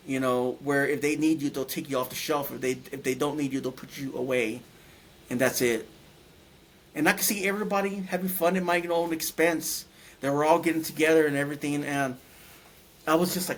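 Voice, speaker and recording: Man, somewhat high-pitched, halting speech, restarts and repeats, emotional personal account. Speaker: guest sharing a near-death experience.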